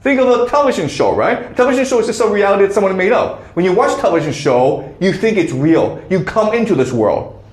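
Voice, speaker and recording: A man's voice: high-pitched, very animated, quick pace. Lecturing man, echoey classroom. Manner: checks in with frequent "okay?".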